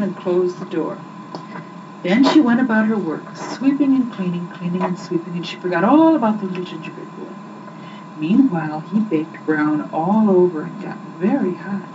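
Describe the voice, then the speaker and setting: A woman reading a children's story aloud as a storyteller, in an expressive, lively way. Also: medium pitch, moderate pace. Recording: muffled distant recording with loud background hiss.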